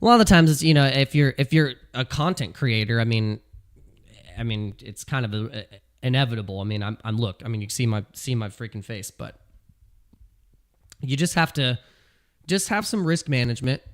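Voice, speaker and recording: A man giving casual commentary as a video host, animated and ranting, repeating phrases and laughing at his own jokes. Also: medium pitch, normal speed. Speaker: crypto YouTuber. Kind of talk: casual talking-head commentary.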